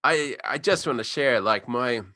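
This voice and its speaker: American dude telling a story, um like you know, super dry close mic. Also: male voice, mid-range voice, unhurried, bright, forceful tone, dry recording. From United States. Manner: rambling with many fillers and restarts. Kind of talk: casual chat.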